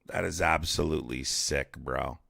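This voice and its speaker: A blunt, profane man argues with callers and fires back at chat on a live stream. His voice sits very low with heavy vocal fry. The sound is close and dry. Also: steady tone, moderate pace, sharp tone, no echo. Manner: blunt, profane, combative, reads chat aloud. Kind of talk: heated live-stream debate.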